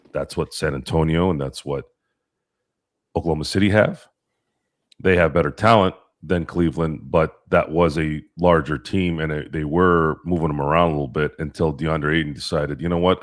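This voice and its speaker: A man with a deep radio voice, a guest offering measured, thoughtful sports analysis in a casual chat. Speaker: guest podcaster.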